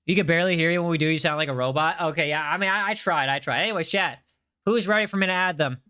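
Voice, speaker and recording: Chatty bright-voiced male streamer. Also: on the high side, rapid-fire, clean tone. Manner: chatty, reads chat aloud, repeats himself. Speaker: game livestreamer. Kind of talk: casual livestream chat.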